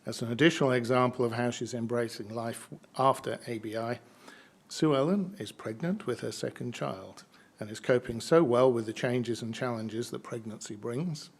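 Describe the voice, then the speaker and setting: Husky man presenting an award. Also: medium pitch, moderate pace. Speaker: event presenter.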